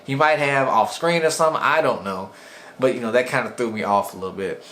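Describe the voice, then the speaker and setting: A man's voice: mid-range voice, a little fast, fairly bright tone. A young man casually reviewing an anime episode in a rambling, slangy way, often acting out the characters' lines.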